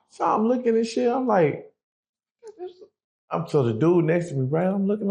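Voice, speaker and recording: A man's voice: on the high side, sing-song, moderate pace, vocal fry, darkish tone. A man telling his own prison story in a casual interview, swearing freely and acting out the voices of the people he quotes. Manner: profane, acts out quoted voices. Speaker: guest recounting prison story.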